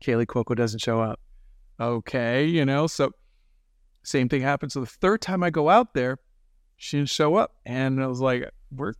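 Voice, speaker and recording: A man guest in an interview, telling lively anecdotes in casual talk and acting out the people he quotes. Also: medium pitch, moderate pace, clear, resonant tone, no room sound, clean studio sound. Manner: animated anecdotes with quoted voices. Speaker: guest, animator and film director.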